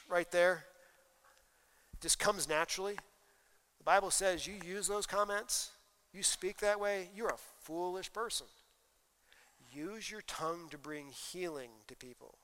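Man, pastor preaching, emphatic, rises to loud peaks, bright tense tone. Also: a little high. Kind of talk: sermon. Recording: long reverb of a hall.

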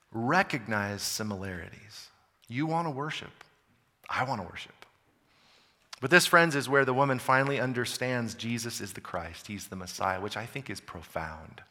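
A man's voice: medium pitch, lively intonation, moderate pace, long reverb tail. A man preaching a sermon as a pastor from the United States, talking conversationally and then suddenly hitting words hard. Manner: emphatic, conversational preaching with wide swings in loudness.

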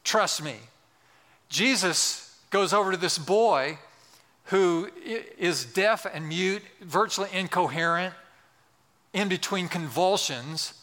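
A pastor in his sixties gives an emphatic sermon in a large church, repeating key phrases and putting questions to the congregation. His voice is high, pushed and bright, his pace slow, and the large hall adds a long reverb.

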